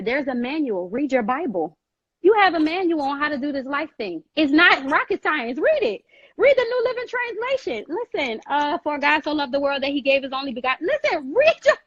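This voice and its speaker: A woman giving emphatic, preachy advice in an animated way, repeating phrases and calling the listener girl, on a live video call. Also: high voice, no room sound, highs cut off.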